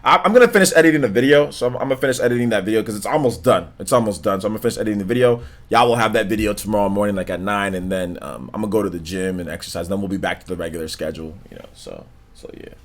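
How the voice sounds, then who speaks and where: Laid-back, monotone low-voiced man. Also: rapid-fire. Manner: slangy, drawling filler words. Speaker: live stream host. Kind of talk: casual stream chat, reading donations and comments.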